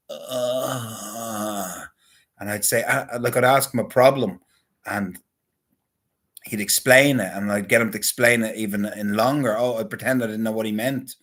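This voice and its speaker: A man's voice: on the low side, normal speed, a bit bright, breathy edge. A man in a casual, rambling monologue, talking crudely and swearing often. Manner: crude, profane, rambling banter. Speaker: vlogger.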